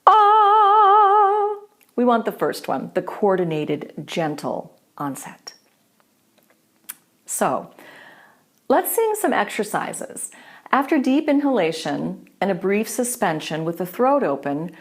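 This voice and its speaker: A woman's voice: lowish voice, a little mellow. Patient woman teaching a voice lesson. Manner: clear, patient demonstrating. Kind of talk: instructional voice lesson.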